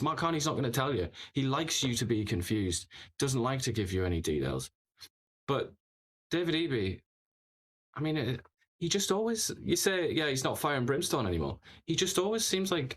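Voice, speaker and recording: A man with a mid-range voice hosts a political commentary show, delivering opinionated, sarcastic remarks packed with mocking rhetorical questions.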